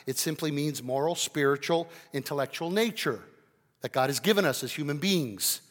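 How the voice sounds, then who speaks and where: Animated preacher in an echoing hall. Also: male voice, mid-range voice. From Canada. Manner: animated preaching with big swings in volume. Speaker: pastor. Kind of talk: sermon.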